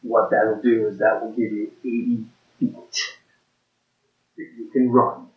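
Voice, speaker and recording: A man narrating a tabletop game as game master, describing scenes haltingly with many restarts. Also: lowish voice, little pitch movement. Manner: hesitant, lots of "like" and restarts while describing. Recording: roomy, dull lo-fi recording.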